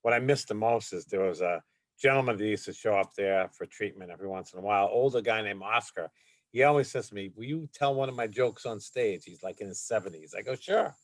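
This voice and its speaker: A chatty comedian guest with a low voice. He talks casually and jokes as he goes, recorded dry with no room sound. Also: fast, no room sound. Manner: chatty, joking. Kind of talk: casual interview chat.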